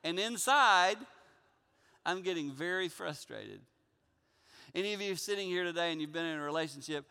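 Animated man preaching in a hall. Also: on the high side, moderate pace, gravelly, pauses often, smooth. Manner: animated, jokey, acting out dialogue. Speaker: guest pastor. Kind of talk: storytelling sermon.

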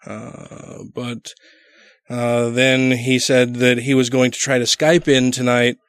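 A man co-hosting a podcast in casual, profanity-laced banter, animated and quick to laugh. His voice sits at a middle pitch. It is recorded close and dry, with no room echo. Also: clean tone. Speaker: podcast co-host.

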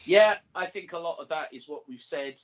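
A man's voice: on the high side, normal speed. A man co-hosting a casual podcast, chatty and peppering his talk with "you know". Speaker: podcast co-host.

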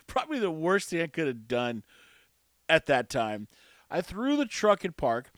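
A man's voice: on the high side, wildly swooping pitch, a little slow, pauses often, a bit bright, no room sound. A man hosting a show, telling a rambling story in a wry, self-mocking way into a close mic. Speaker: show host. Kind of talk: casual storytelling monologue.

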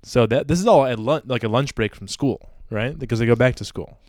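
A man unpacks a novel chapter in relaxed podcast banter, thinking out loud with lots of "like" and easy laughter. His voice sits at an ordinary middle pitch. The sound is dry and close-miked. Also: fairly quick, no echo. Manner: chatty and analytical, full of "like" and laughter. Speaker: book podcast co-host. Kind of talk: casual book-club chat.

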